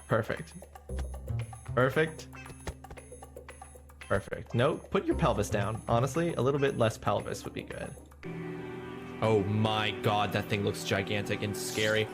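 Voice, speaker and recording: A young man streaming a game live, reacting with excitable shrieks, swearing and silly asides as he plays. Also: on the low side, moderate pace, music in the background. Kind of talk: live gameplay commentary.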